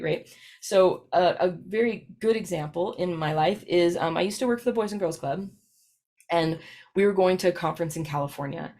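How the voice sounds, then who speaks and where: A woman with a fairly low, animated voice presents a recorded lesson to practitioners at a normal speed. She tells it chattily, like a story, and keeps checking in with "right?"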